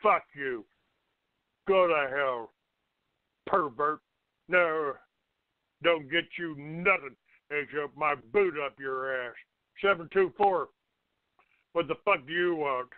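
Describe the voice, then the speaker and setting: High-pitched guy hosting a call-in show, swearing at callers nonstop, thin phone-line audio. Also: slow, long pauses, dry recording. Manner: hostile, profane, shouting insults.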